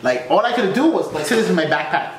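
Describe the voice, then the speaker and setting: A man telling a funny personal story in a frank, slangy way, acting out his own reactions with high yelps and low mutters. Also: sing-song, fast talker, roomy sound, far from the mic, a little hiss or hum.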